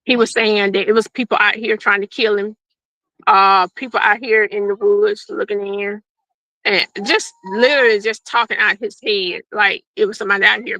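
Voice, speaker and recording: Gravelly woman telling her story. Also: medium pitch, pushed and bright, no echo, low-quality recording. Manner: plain-spoken, acts out quoted dialogue. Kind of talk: unscripted personal storytelling.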